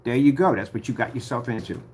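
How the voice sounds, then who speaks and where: A man's voice: mid-range voice, quick pace, darkish tone. A man speaking straight to the camera, confrontational and rambling as he warns a rival. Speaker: YouTuber addressing a rival. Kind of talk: direct-to-camera rant.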